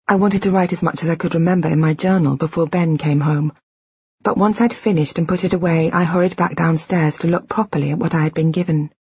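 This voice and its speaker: A woman reading a first-person audiobook in a measured, reflective, quietly intimate way. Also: on the low side, slightly rough, dry recording, lo-fi sound. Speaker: audiobook narrator.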